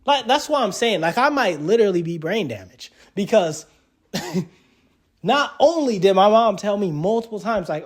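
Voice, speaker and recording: A young adult man with a notably high-pitched voice tells a personal story in a loose, casual way. He rambles, circling back with constant fillers and restarts. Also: animated, moderate pace, pauses often. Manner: rambling, full of fillers like "like" and "literally".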